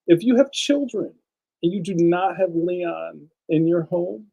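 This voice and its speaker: A man's voice: high-pitched, unhurried, gravelly, mellow, poor audio. A man hosting a casual livestream, chatting enthusiastically and speaking straight to his viewers. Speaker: livestream host and cartoonist.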